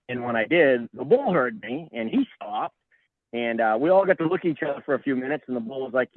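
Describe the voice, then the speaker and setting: A middle-aged man, a podcast guest, telling a story in a lively way and acting out what people said. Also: medium pitch, moderate pace, no echo. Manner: animated, acts out quoted voices. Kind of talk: casual storytelling. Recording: tinny phone-like line, dry.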